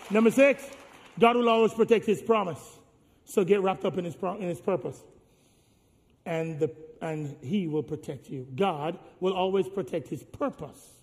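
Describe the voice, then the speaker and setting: A man preaching a sermon as pastor, calling on the congregation to answer back and swinging between hushed lines and shouts. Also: on the high side, in a large hall.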